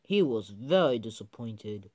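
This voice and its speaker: A man narrating a homemade train story, halting often and restarting his sentences. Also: lowish voice, very animated, a little mellow. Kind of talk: improvised toy-train storytelling.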